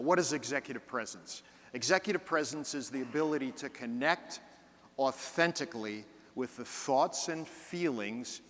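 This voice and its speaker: Keynote speaker, man, 50s; theatrical dynamics, booming hall reverb. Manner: dramatic, swings between loud bursts and hushed slow phrases for emphasis. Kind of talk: storytelling keynote speech. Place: large conference hall. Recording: long reverb of a large hall.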